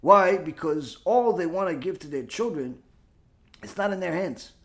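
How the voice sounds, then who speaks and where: A man with a notably high voice leads a religious class on Talmud text. He drives his points with rhetorical questions and repeats key phrases for emphasis, with Hebrew terms woven into his English. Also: animated, normal speed. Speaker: Torah teacher.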